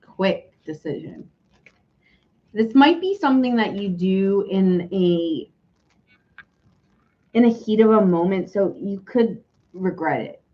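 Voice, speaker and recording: A woman's voice: mid-range voice, expressive, takes it slowly, pauses often, muffled recording. Giggly, chatty woman reading tarot. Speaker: tarot reader. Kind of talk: casual live tarot reading.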